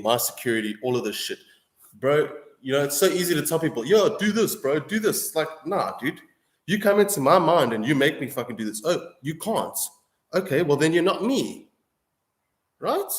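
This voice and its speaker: Young male streamer, mid-pitched, ranting hard and swearing, echoey room. Casual defiant monologue. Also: lively intonation, normal speed. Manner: heated, profane, repeats "bro" and "dude". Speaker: streamer answering viewers.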